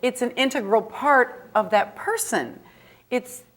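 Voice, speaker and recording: A woman from the northern United States, a guest actress answering audience questions in a chatty, anecdotal way, animated and often laughing. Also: a little high, slow pace. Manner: animated, laughing, acts out quoted voices.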